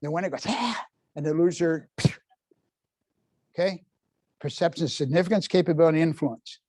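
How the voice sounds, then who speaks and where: A man in his seventies runs a parenting workshop in a library meeting room. His voice sits a little high and sounds dry and close. He talks in a lively, folksy way and keeps asking the audience questions. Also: fast talker, no echo. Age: 70s. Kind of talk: live workshop talk to parents.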